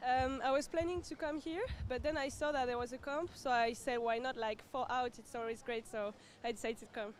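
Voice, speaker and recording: A woman's voice: high-pitched, fairly even intonation, fairly quick, hardly any pauses. A French woman surfer with a French accent, answering a beach interview cheerfully. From France. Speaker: pro surfer. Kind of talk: post-heat beach interview.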